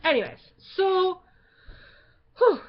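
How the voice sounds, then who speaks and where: A teenage girl with a high voice tells a story straight to her vlog viewers. She chats along casually, full of "like" fillers, and turns loud when excited. The audio is dull and lo-fi, as from a webcam. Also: slow pace. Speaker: vlogger.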